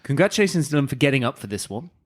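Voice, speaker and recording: A man's voice: mid-range voice, big pitch swings, rapid-fire. A man co-hosting an improv podcast, talking in a playful, teasing way and swearing casually. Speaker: podcast co-host.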